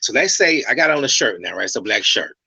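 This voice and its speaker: A man talks through hair care, circling back to his points and tossing in "right?" to keep the listener with him. His voice is bright and a little husky. The sound is dry and close. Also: medium pitch, big pitch swings, fast, no room sound, low-quality recording. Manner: storytelling, repeats himself, checks in with "okay?" and "right?". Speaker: master stylist guest. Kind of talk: casual interview talk.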